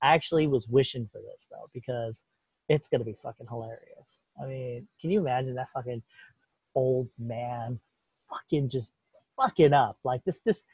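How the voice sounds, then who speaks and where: A man's voice: mid-range voice, normal speed, darkish tone, breathy edge, no echo. A man in casual political chat, ranting with lots of swearing and mock voices. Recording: dull lo-fi dry sound.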